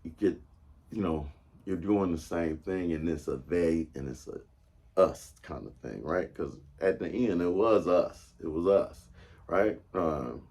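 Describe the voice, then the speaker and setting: Man, 50s, show host; low husky voice, rambling casual monologue. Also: unhurried, a little mellow. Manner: rambling, meandering, often asks "right?".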